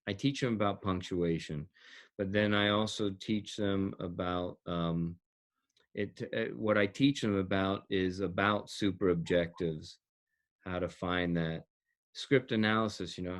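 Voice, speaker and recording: A man who coaches actors and directs, explaining his teaching in an interview with emphasis, repeating key words and laughing between points. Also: sits low.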